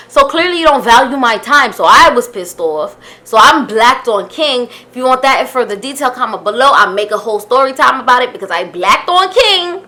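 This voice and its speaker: Bright high-voiced woman telling a story. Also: brisk, few pauses. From United States. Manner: animated, gets loud and indignant, swearing. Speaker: YouTuber. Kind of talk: storytime vlog.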